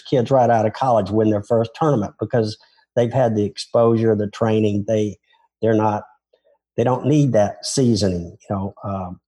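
An older Southern man with a Tennessee drawl, his voice low, mellow and a little husky. He rambles through his stories with restarts and self-deprecating asides in a relaxed interview. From Memphis, Tennessee. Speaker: former touring golf pro, interviewee. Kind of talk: casual interview storytelling.

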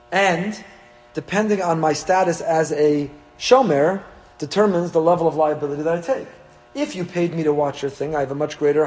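Man, rabbi teaching a Torah class; animated, pitch on the higher side. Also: low-quality recording. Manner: animated, mixing Hebrew terms into English.

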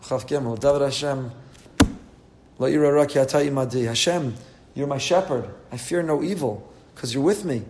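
A man's voice: medium pitch, normal speed, a little mellow, roomy sound. An older man giving an earnest sermon as a rabbi. He mixes in Hebrew and Yiddish terms and builds to impassioned pleading.

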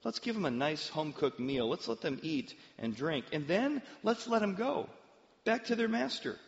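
A preacher voicing a calm, merciful prophet. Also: male voice, fairly high pitch, moderate pace, creaky. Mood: calm, gentle. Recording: dull, long-reverb hall sound.

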